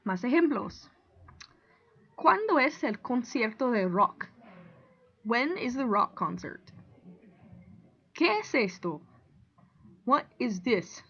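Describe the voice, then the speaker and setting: A woman Spanish teacher explaining grammar in a clear, deliberate way, reading out example sentences and translating them. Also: a little high, sing-song, a bit bright, dull audio. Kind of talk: recorded classroom lesson.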